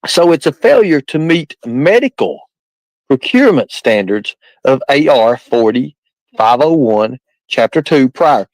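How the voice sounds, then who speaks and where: A man's voice: medium pitch, sing-song, a little slow, darkish tone, no echo, low-quality recording. Guy on a livestream rambling at chat, bouncy up and down voice, dry sound. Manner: rambling, repetitive, quizzing the chat. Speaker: livestream host. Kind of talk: casual live-stream talk to chat.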